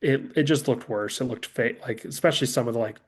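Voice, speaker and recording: A man in a casual film podcast chat, animated, acting out movie lines and swearing casually. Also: mid-range voice, fast. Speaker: podcast co-host.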